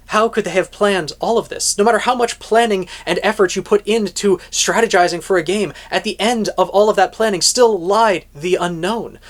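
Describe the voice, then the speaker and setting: A reviewer recapping a light novel chapter in a dramatic, storytelling way, with offhand asides now and then. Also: mid-range voice. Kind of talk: plot recap with commentary.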